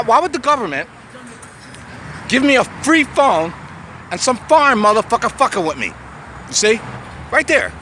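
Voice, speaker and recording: Outdoors on a city street, an American man in his sixties delivers an agitated, profanity-laced rant to the camera in a very high, bright, forceful voice. He rambles and trips over the same words, restarting again and again. Traffic hums faintly behind him.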